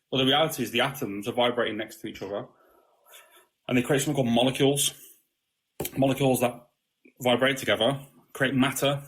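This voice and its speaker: A podcast guest speaks in a casual spiritual conversation, blunt and swearing freely. His pitch falls in an ordinary middle range, and he keeps checking in with the listener by repeating "you know what I mean."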